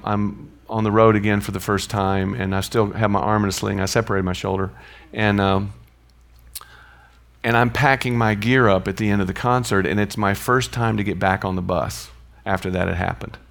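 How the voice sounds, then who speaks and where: Male Bible teacher, low gravelly voice, relaxed chatty delivery with stories and asides. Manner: conversational, chuckling asides.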